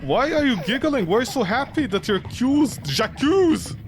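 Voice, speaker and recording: Male let's-play streamer, high bright voice that swings a lot, jokey rambling, faint hum behind. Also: animated, fairly quick. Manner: jokey, rambling, talks back at the game. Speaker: game streamer.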